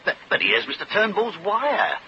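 An actor playing a flustered, fussy hotel desk clerk who stammers and flutters, in a 1940s radio comedy. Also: male voice, high voice, wildly swooping pitch, moderate pace, bright, forceful tone, muffled recording, exaggerated voice. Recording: hissy old radio broadcast.

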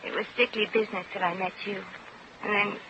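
A woman's voice: mid-range voice, steady tone, fast, close to an everyday voice. A woman playing a brash American shop girl in a 1940s radio drama, talking in slang with wisecracks. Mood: wistful. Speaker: lead actress. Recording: muffled old radio recording with hiss.

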